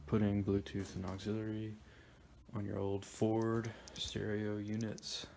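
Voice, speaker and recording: Low, flat-voiced man explaining a DIY fix. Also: gravelly, a little hiss or hum. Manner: halting, lots of ums and restarts. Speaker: DIY car audio tutorial host. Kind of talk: casual how-to explanation. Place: garage workshop.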